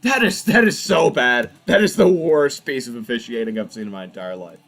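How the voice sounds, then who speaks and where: A young man hosts a football watch party, offering casual live commentary in a medium-pitched voice with vocal fry, speaking fairly quickly. He's animated, ranting in exasperation at the referees.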